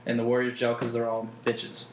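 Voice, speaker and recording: A man's voice: medium pitch, monotone, a little fast. A man co-hosting a sports podcast, crude and joking while steering the casual chat. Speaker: podcast co-host. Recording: echoey room with faint background noise.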